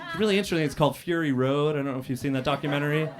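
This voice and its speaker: A man performing a stand-up roast set on a comedy club stage, dry and deadpan, with many "uh" pauses and sudden loud outbursts. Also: a little high, a little hiss or hum.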